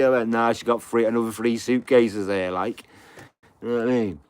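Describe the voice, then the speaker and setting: A man's voice: medium pitch, fairly even intonation, moderate pace, darkish tone, smooth. A middle-aged man, rambling and swearing through a casual live chat with his viewers from home, padding every line with "you know". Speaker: live streamer.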